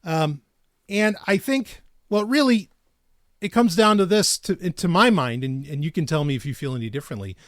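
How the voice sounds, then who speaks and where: A man co-hosting a podcast, chatting loosely with frequent restarts and bursts of laughter. His voice sits a bit high for a man and swings widely in pitch. The studio sound is dry and close. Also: lively intonation, dry recording. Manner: rambling, self-interrupting, quick to laugh. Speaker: podcast co-host. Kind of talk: casual chat.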